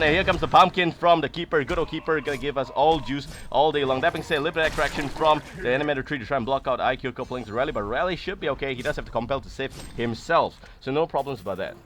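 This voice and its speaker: A man casting an esports match with rapid, excitable play-by-play that rises loud on big plays. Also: mid-range voice. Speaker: esports caster.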